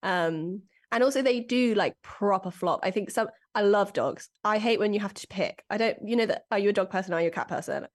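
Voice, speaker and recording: A young adult woman, a comedian guest on a podcast, chatting casually, laughing often and breaking into a high cooing voice. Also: fairly quick, hardly any pauses. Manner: animated, giggly, slips into high cooing cat voice.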